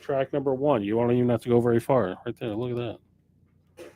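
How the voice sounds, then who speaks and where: A man's voice: medium pitch, fairly quick, dark tone. A man who owns a record store, chatting off the cuff on a live stream about new arrivals, often correcting himself mid-sentence. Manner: rambling, off-the-cuff, self-correcting. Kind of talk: casual live-stream chat.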